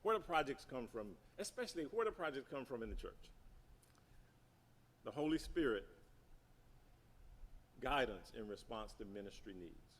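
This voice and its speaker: A middle-aged man gives an emphatic teaching talk on church projects at a seminary symposium, repeating key points and putting questions to the audience. His mid-range voice has big pitch swings, a fairly bright tone, a moderate pace, and long pauses.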